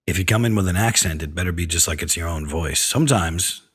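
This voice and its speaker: A man's voice: deep voice, fast talker, fairly bright tone, husky. A man who directs films hosts a radio advice segment for actors, talking frankly and wryly. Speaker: film director and acting coach, radio segment host.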